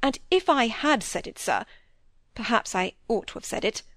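A woman's voice: fairly high pitch, animated, normal speed, a bit bright, dry recording. A woman reading aloud as an offended, stammering young male medical apprentice in a storybook. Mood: defensive. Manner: stiffly indignant, stammering.

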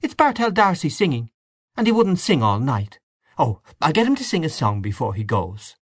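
A man reading aloud, voicing an excitable young woman hostess with a high, gushing voice. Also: fairly quick, no echo, studio quality. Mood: excited.

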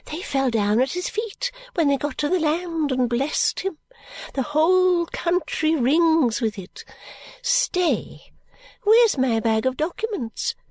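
A woman reads aloud as an eccentric old woman, high and fluttering, who gushes in breathless rapture. The voice sits far above the reader's own, recorded dry and close. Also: expressive, slow pace, darkish tone, no room sound. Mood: gushing. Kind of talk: audiobook character voice.

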